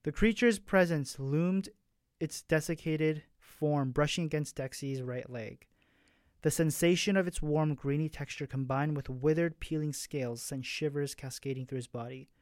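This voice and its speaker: A man with a slightly high voice reads his own story aloud in a soft, hushed way. He stumbles and restarts now and then. The sound is dry and close. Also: normal speed, no echo.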